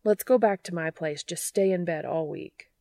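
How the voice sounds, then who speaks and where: Woman playing a nervous, jittery grown man, words tumbling out higher and louder, dry close sound. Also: flat delivery, creaky, no echo. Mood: panicked. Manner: rushed, rising, panicky rambling.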